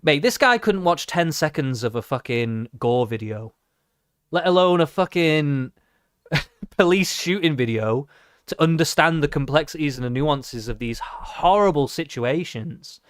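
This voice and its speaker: A man's voice: fairly high pitch, animated, measured pace, smooth, no echo. Foul-mouthed ranting man. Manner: profane, ranting, mocking. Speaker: streamer. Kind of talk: live reaction stream commentary.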